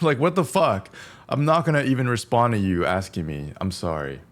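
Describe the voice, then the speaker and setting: A man's voice: medium pitch, big pitch swings, a little fast. A young man streaming as he cooks, chatting casually, swearing bluntly and humming little tunes between stories. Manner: blunt, swears freely, hums and sings between lines. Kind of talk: casual cooking stream chat.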